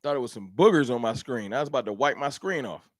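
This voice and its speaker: Animated trash-talking man on a livestream. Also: mid-range voice, quick pace, no room sound, clean studio sound. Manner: trash-talking, animated, reads chat aloud. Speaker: livestream host. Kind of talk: casual livestream sports banter.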